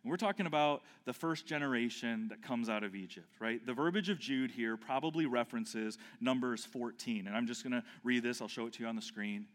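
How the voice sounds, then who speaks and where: A man's voice: medium pitch, brisk, hardly any pauses. A man preaching an expository sermon, emphatic, with rhetorical questions and frequent restarts. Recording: long hall reverb.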